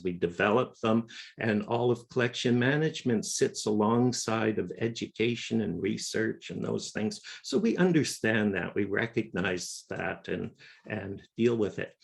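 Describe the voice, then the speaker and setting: A man giving a measured, explanatory conference presentation on collection management. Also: lowish voice, creaky. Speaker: conference speaker.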